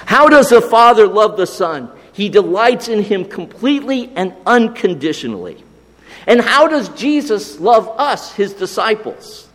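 A man preaching a sermon, slow and deliberate, dropping to a hush on key phrases. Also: high-pitched, big pitch swings. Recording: long hall reverb.

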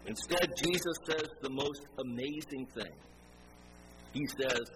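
Male preacher, slightly high voice, storytelling sermon delivery, noisy ambience. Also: measured pace. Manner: animated, acts out quoted dialogue.

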